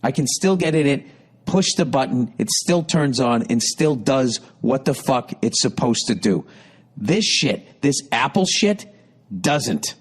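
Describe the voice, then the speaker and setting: A man's voice: mid-range voice, expressive, a little slow, slightly rough. A middle-aged man hosting a podcast, telling a profane, rambling comic story with exasperated rants. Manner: rambling, exasperated, heavy swearing, ranting with rising intensity. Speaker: podcast host.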